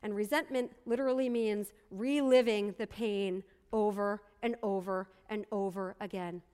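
A woman's voice: mid-range voice, steady tone, normal speed, mellow, smooth, in a large hall. A woman pastor preaching a sermon, telling a story earnestly and repeating phrases for emphasis.

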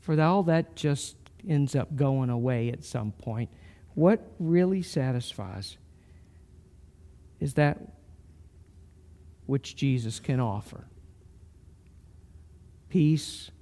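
Middle-aged male pastor, gravelly warm voice, unhurried earnest sermon storytelling. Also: a little high, animated. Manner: slow, storytelling, earnest with soft pauses.

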